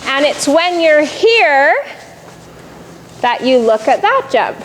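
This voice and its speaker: A woman's voice: high voice, big pitch swings, slow pace, slight background noise, poor audio. A woman riding instructor coaching a jumping lesson, calling out cues and explaining in an encouraging, instructive way.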